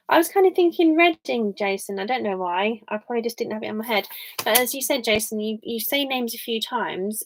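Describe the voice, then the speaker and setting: A young English woman live streaming, chatting casually and rambling to her viewers. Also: mid-range voice. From England. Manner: rambling and chatty, full of fillers.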